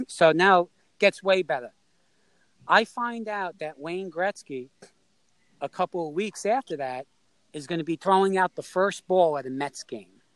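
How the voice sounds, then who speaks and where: Animated high-voiced man telling a story. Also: measured pace, no echo, low-quality recording. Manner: animated, acts out the people in his story. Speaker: storyteller guest. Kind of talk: casual anecdote telling.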